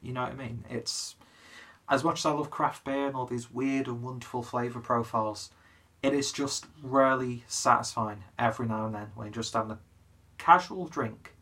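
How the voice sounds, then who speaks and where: A man's voice: mid-range voice, fairly even intonation, normal speed, bright, forceful tone. A young man from northwest England, slightly tipsy, chatting in a rambling, self-deprecating way as he reviews a beer. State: slightly tipsy after a pub trip. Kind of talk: casual beer review vlog.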